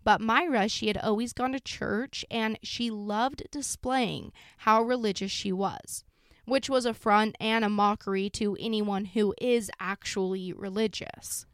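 A woman's voice: mid-range voice, steady tone, unhurried, clear, resonant tone, dry recording, clean studio sound. A woman hosting a podcast, recounting a true crime case in a casual, sombre way with many fillers like "like" and "you know". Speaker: podcast host.

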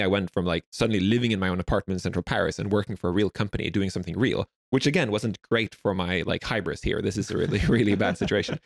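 Swedish guy rambling fast, lowish gravelly voice, dry sound. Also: no room sound. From Sweden. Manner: fast, rambling, lots of "like" fillers. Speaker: guest. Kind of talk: casual storytelling interview.

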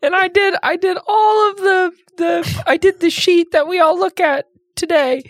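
A man doing Jan, a strained falsetto guy. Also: steady tone, normal speed, a bit bright, no room sound, clean studio sound. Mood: strained, mock-earnest. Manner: strained falsetto, mock-earnest. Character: Jan, a high-voiced man punched in the throat.

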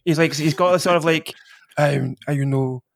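A man co-hosting a podcast in casual chat, rambling with many restarts and quick agreement. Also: a little high, gravelly, no room sound, clean studio sound. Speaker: podcast co-host.

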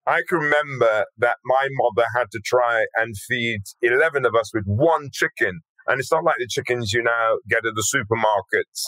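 Older male guest, forceful and bright, emphatic, swears freely. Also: mid-range voice, dry recording, rough recording. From Birmingham, England. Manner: blunt, earthy and emphatic, swears casually. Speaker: podcast guest. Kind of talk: storytelling interview talk.

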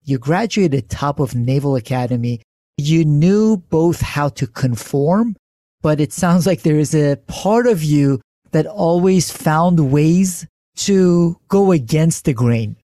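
A man's voice: fairly high pitch, expressive, takes it slowly, mellow, no room sound, clean studio sound. A man hosting an interview podcast, welcoming and praising his guest with enthusiasm. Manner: enthusiastic, complimentary. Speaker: podcast host.

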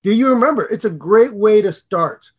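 A middle-aged man co-hosting a podcast on public speaking, talking in an excitable, animated way with big jumps in pitch and loudness. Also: normal speed, husky. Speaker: podcast co-host and speaking coach.

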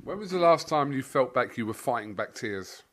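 Guy interviewer, halting and stumbly, mid-pitched voice. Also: lively intonation, very noisy. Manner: halting, restarts questions. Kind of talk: conversational interview.

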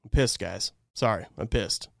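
A man's voice: lowish voice, moderate pace, gravelly, dry recording, clean studio sound. A man hosting a live fan stream, breaking down a game in a heated, exasperated rant. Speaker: fan channel host.

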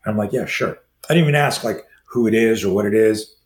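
A man in his sixties, a self-defense trainer, telling stories as a guest and acting out quoted dialogue in a lively way. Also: on the low side, a little hiss or hum. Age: 60s. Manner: acts out quoted dialogue, fast lively delivery. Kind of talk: animated storytelling in conversation. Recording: roomy echo with faint ambience.

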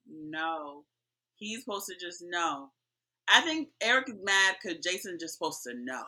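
A woman co-hosting a casual chat, talking in a playful, slangy, animated way. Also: fairly low pitch, a little slow. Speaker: podcast co-host. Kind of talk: casual chat recapping a reality show.

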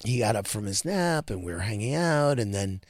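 A man hosting a podcast, chatting casually and telling animated stories about his son. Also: brisk, dry recording, clean studio sound. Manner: animated storytelling, quoting his son in a higher voice. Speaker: podcast host. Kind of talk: casual chat.

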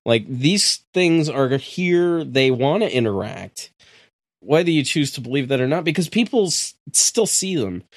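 A man's voice: fairly high pitch, expressive, unhurried, dry recording, clean studio sound. A man hosting a podcast who argues his view hesitantly and often restarts his sentences. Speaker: podcast host. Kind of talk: casual podcast chat.

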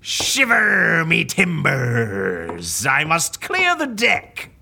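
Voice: mid-range voice, wildly swooping pitch, extremely slow, vocal fry, bright, forceful tone, a little hiss or hum, heavily acted. Someone playing a rowdy pirate-talking office mate. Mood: hearty piratical. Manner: theatrical pirate slang, big swoops.

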